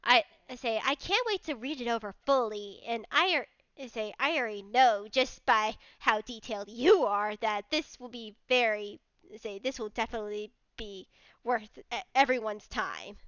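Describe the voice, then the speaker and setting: A woman's voice: on the high side, normal speed, a bit bright, clear, resonant tone, no room sound, dull audio, lightly acted. Woman doing a gushing puppy-like professor. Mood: eager. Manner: gushing, repeats herself, tic of 'I say'. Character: bubbly dog-like woman professor, excitable.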